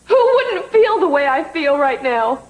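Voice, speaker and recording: A woman's voice: sits high, big pitch swings, a little slow, narrow, tinny audio. A woman playing a grieving, fragile young woman who pleads and pushes back in a 1980s TV soap opera. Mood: upset. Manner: tearful, pleading, defensive.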